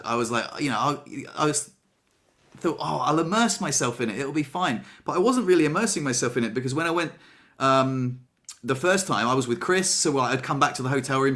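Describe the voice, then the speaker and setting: Chatty man co-hosting a relaxed podcast, self-mocking, stammers and restarts, quotes himself in lively bursts. His voice sits at an average pitch for a man, neither high nor low. He keeps the talk loose and conversational. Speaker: podcast co-host. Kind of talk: casual chat.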